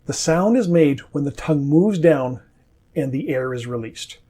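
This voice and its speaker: Husky North American man teaching pronunciation. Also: on the high side, lively intonation, warm tone. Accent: standard North American. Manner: slow, carefully enunciated model words. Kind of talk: scripted pronunciation lesson.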